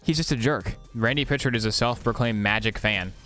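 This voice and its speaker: A man's voice: mid-range voice, brisk, faint music behind. Ranting male game streamer. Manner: animated, ranting, jokey. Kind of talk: casual gameplay commentary.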